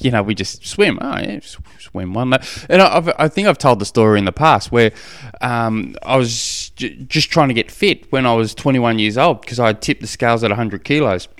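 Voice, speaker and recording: A man's voice: fairly low pitch, clear, resonant tone, no echo, studio quality. Rambling, friendly male podcast host. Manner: rambling, self-deprecating, chatty with many fillers. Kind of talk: casual solo podcast answering listener questions. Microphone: studio podcast microphone.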